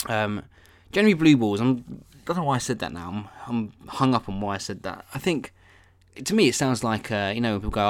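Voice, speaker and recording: A man's voice: on the low side, animated, a little fast, no echo, clean studio sound. A man hosting a solo podcast, rambling off-topic in a self-deprecating way with casual swearing. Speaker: podcast host.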